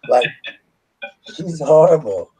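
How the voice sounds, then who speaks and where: Man, husky voice, chatty vlogger who laughs at his own tales. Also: fairly high pitch, lively intonation, slow, warm tone, poor audio. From United States. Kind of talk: casual storytelling.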